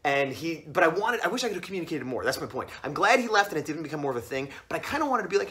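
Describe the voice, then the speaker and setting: A man's voice: on the high side, big pitch swings, rapid-fire, few pauses, pushed and bright. A man casually telling a long story on his vlog, rambling and acting out the other voices in it. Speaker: comic artist vlogger.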